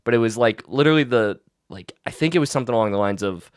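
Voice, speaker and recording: A man's voice: mid-range voice, lively intonation, quick pace, clear, resonant tone, dry recording, studio quality. A young man co-hosting a podcast, telling a story in casual chat with lots of fillers and restarts. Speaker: podcast co-host.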